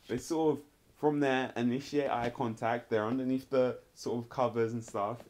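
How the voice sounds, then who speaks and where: A man's voice: mid-range voice, steady tone, moderate pace, darkish tone. Rambling casual male reviewer. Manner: rambling, heavy use of "like" and "sort of". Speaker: TV show reviewer.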